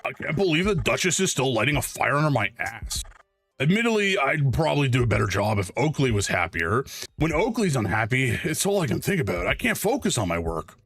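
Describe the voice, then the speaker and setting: A man's voice: mid-range voice, sing-song, brisk, a bit bright, breathy edge, faint music behind, full character voice. A man voicing Daryl, a grumbling male hotel worker, with a whiny, exasperated surfer drawl.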